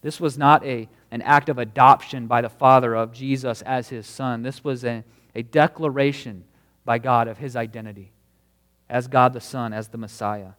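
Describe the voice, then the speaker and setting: A man's voice: mid-range voice, fairly even intonation, moderate pace, a bit bright, in a large hall. A man preaching a sermon as a pastor, earnest and emphatic, leaning hard on key words.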